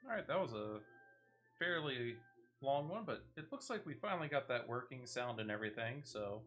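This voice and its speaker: A man's voice: mid-range voice, expressive, moderate pace, fairly bright tone, faint music behind. A man streaming a video game, chatting casually with his viewers and stopping often on "uh". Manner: chatty, many "uh" fillers. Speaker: variety streamer. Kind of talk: casual gameplay commentary.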